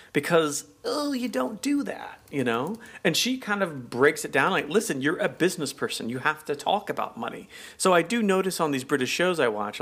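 A man co-hosting a casual conversation, animated and given to jumping into high voices when quoting people. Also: breathy edge. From United States. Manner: animated, jumps into high voices for quoted speech. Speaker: podcast co-host. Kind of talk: casual chat.

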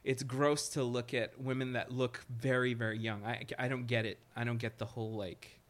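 A man's voice: medium pitch, level tone, moderate pace. A man co-hosting a podcast in casual chat, making crude jokes and acting out quotes in his stories. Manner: crude jokey banter, acts out quotes. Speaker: podcast co-host.

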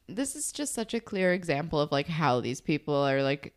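A woman's voice: sits low, big pitch swings, moderate pace. Opinionated young woman cohost. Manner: opinionated, swears casually, laughs. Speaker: podcast co-host. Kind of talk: casual chat recapping a TV episode.

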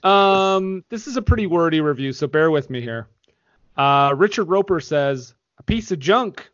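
A man's voice: a little high, expressive, fairly bright tone, smooth, no echo, dull audio. A man co-hosting a podcast, reading movie reviews aloud with crude sarcastic asides. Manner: sarcastic, crude, reads briskly. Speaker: podcast co-host.

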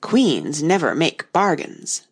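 A woman's voice: fairly low pitch, very animated, a little slow, breathy edge, heavily acted. A woman voicing the Red Queen, a haughty, domineering queen who speaks emphatically and stiffly. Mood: imperious. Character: bossy, haughty adult queen.

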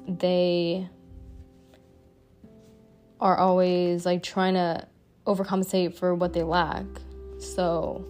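A woman's voice: medium pitch, a little mellow. Blunt, profane young woman podcaster. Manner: blunt, profane, chatty with frequent "like" fillers. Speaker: podcast host. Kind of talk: casual solo podcast monologue.

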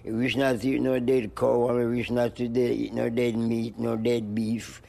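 An older man, an interview guest, rambling in slow looping phrases and breaking into high-pitched animal noises. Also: little pitch movement, vocal fry, mellow. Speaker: interview guest, music producer. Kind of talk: rambling stream-of-consciousness chat.

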